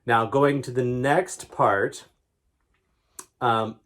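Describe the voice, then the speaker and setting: A man's voice: medium pitch, steady tone, very slow, a bit bright. A man teaching a violin lesson, patiently explaining step by step with encouraging asides. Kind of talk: music lesson.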